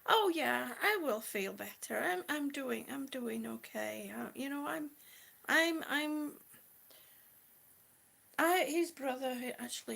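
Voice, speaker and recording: A middle-aged woman chats on a live stream, a little short of breath, with a slightly high voice. She talks slowly and fondly to her viewers and calls them sweetie and honey. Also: lively intonation, vocal fry, a bit bright. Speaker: vlogger chatting with live viewers. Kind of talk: casual live-stream chat.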